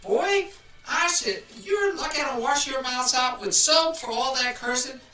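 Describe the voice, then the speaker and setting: A man imitating his scolding mother in a high voice during a live stream. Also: animated, unhurried, far from the mic, soft background music, full character voice. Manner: high-pitched, loud scolding. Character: stern scolding mother, amused. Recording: roomy, a bit off-mic.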